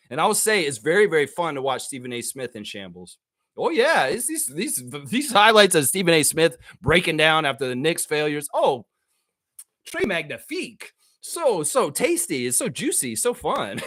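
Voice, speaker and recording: Excitable high-voiced man hosting sports talk. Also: normal speed. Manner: excitable, rambling and profane; slangy, talks straight to the audience. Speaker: sports talk show host. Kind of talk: casual live sports chat.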